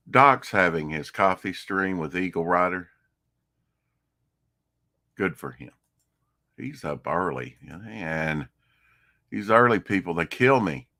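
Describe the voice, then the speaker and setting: A man with a very deep, unhurried voice chats through a relaxed morning stream, now and then slipping into a low croon. The sound is dry and close, with no room around it. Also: dry recording. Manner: laid-back, croons and hums between remarks. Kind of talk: casual morning stream chat.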